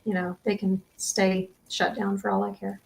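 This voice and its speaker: Woman on a game show video call, lots of um and restarts, mid pitch. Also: flat delivery, normal speed, gravelly. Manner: hesitant, many restarts and ums. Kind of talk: casual answers.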